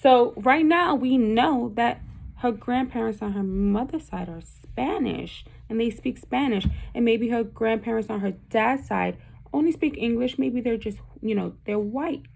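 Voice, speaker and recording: A woman teacher from Puerto Rico reads a picture book aloud to young students. Her voice sits a little high, with a gravelly fry. She breaks off the reading often to question the class. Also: lively intonation, unhurried, darkish tone.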